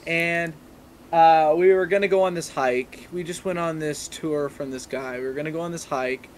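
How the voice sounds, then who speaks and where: A young man with a fairly high voice chats as a podcast guest, rambling through travel stories with plenty of "like" and "uh". His talk is loose and casual, with faint background noise in the recording. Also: moderate pace. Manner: rambling, filler-heavy storytelling. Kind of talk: casual chat.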